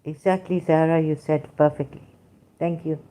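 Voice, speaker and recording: A woman's voice: deep voice, moderate pace. A middle-aged woman hosting a livestream, talking casually to her chat in an emphatic way with many fillers. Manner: animated, emphatic, frequent fillers. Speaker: livestream host reading chat.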